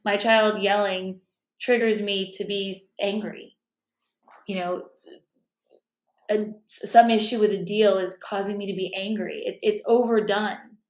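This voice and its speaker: Woman self-help speaker, thoughtful and casual, with a touch of vocal fry, recorded in a roomy, echoey space at home. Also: mid-range voice. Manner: thoughtful, self-correcting, drops to a whisper at times. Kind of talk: casual reflective talk. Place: room at home.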